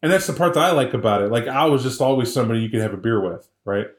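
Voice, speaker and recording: A man co-hosting a podcast, retelling a tale in a casual, animated, joking way. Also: medium pitch, racing, echoey room. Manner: animated, joking, full of voices. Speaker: podcast co-host. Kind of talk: casual storytelling chat.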